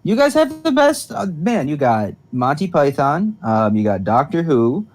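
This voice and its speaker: A man's voice: a little high, big pitch swings, measured pace. A young man from the United States, a podcast co-host, rambling through casual chat with lots of fillers. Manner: rambling, filler-heavy explaining.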